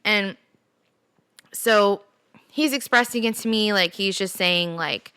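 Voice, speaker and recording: Candid chatty woman with a bright voice. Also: mid-range voice, smooth, no room sound. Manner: candid, chatty, quick confessional storytelling. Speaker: podcast host. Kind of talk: solo casual podcast talk.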